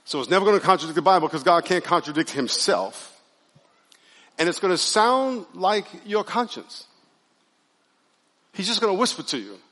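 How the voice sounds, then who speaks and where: A man preaching to his congregation in a loose, conversational way, often asking them to respond. His voice sits a little high for a man. It rings with the long echo of a large hall. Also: moderate pace, pauses often. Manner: conversational, animated preaching with audience call-and-response. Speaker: pastor. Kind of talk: sermon. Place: church sanctuary.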